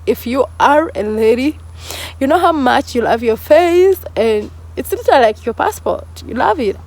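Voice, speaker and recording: A woman's voice: sits high, expressive, normal speed, a little mellow. A young woman records a personal vlog, talking through tears and apologizing as she breaks down. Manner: tearful, breaking down. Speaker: vlogger.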